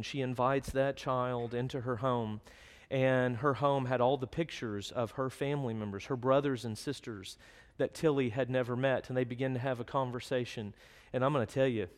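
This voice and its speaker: A man's voice: mid-range voice, steady tone, normal speed. A man preaching a sermon, telling a story earnestly and then reading scripture verses aloud. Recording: long hall reverb.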